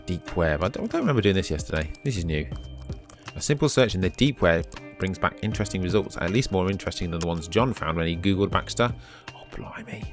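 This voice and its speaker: Low-voiced male gamer, reads on-screen text steadily and adds dry quips over soft music. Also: animated, fast talker. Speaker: let's play host. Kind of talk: reading game text aloud with commentary.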